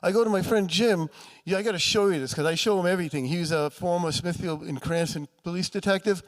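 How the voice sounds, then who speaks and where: A man's voice: sits high, quick pace. A man telling ghost stories to a live audience, chatty and acting out quoted voices. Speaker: paranormal author and speaker. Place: festival room with audience.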